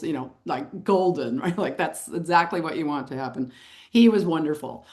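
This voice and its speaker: Speaking at a moderate pace, this middle-aged woman, a photographer and author, shares her story animatedly as an interview guest. Her voice is fairly low, and she chuckles every so often.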